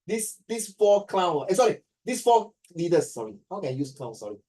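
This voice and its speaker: A man's voice: sits high, very animated, normal speed, warm tone, distant mic. A man from Singapore with a Singaporean accent, teaching a class in a joking way and mixing English with Chinese.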